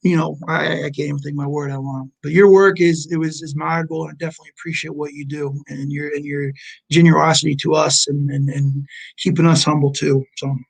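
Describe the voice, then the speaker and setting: Man, forties, gravelly, slightly high voice, earnest, halting restarts, remote call. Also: level tone, poor audio. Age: 40s. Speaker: junior college basketball head coach. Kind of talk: storytelling in a remote interview.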